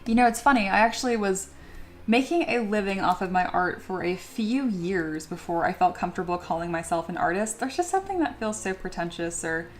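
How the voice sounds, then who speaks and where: A woman's voice: mid-range voice, animated, a little fast, soft background music. A young woman chatting casually on her sculpting livestream, reading viewer comments aloud and laughing often. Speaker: 3D sculpting streamer.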